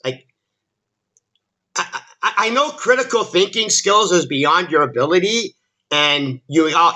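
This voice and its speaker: Exasperated ranting man, bright forceful voice. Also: fairly high pitch, dull audio. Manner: exasperated, sarcastic, stumbles over repeated words. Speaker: commentary channel host. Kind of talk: ranting video commentary.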